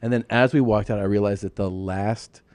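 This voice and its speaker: A man's voice: on the low side, steady tone, normal speed, a little mellow, no echo. A man in casual podcast chat, telling crude stories in a rambling way.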